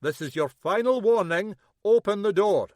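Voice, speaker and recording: A narrator voices an older Scottish detective inspector, gruff and formal, barking orders. The voice rises and moves widely in a dry, close recording. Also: male voice, fairly high pitch, very animated, moderate pace, no echo. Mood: commanding. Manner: formal, commanding. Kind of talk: audiobook character voice.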